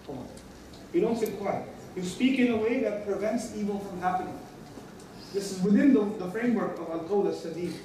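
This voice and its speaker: A man gives an earnest sermon in a high voice, slipping into short acted exchanges to make his points. He is heard from a distance in a large, very echoey hall with faint background noise. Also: brisk, dark tone. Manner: earnest, acts out little dialogues with other voices. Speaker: preacher.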